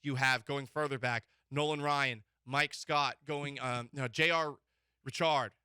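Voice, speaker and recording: A man's voice: medium pitch, unhurried, clean tone, no room sound, clean studio sound. A man hosting a sports talk show, opinionated and joking. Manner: animated, mock-emotional, joking.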